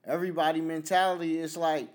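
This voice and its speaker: A man's voice: on the high side, flat delivery, fast. A man in casual podcast chat, chiming in conversationally. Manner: conversational, interjecting.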